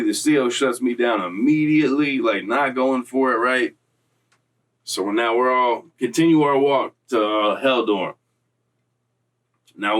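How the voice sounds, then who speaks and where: A man's voice: mid-range voice, far from the mic. Streetwise man telling a story, slightly off-mic. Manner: streetwise slang, animated retelling with quoted voices. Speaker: storyteller recounting prison time. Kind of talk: casual storytelling.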